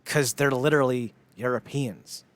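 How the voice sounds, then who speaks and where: A man's voice: mid-range voice, moderate pace. A man co-hosting a podcast, chatting in a rambling, jokey way and laughing often. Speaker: podcast co-host. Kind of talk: casual chat.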